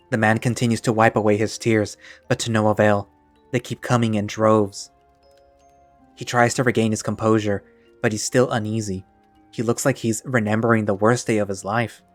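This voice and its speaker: A man giving steady second-person narration for an audio drama. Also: on the low side, moderate pace, dry recording, faint music behind.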